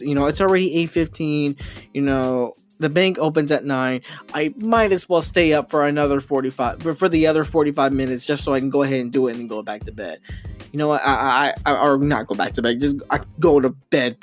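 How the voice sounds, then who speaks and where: A young man hosting a casual podcast, rambling with lots of fillers and restarts as he tells a frustrating story into his home microphone. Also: fairly high pitch. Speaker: podcast host.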